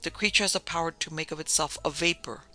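A man voicing a grim old man who knows vampire lore, speaking in a measured way for an audiobook. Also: a little high, sharp tone. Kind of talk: audiobook reading.

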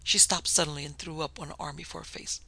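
Gravelly storybook narrator. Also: medium pitch, steady tone, fast, sharp tone, dry recording, low-quality recording. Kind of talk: audiobook narration.

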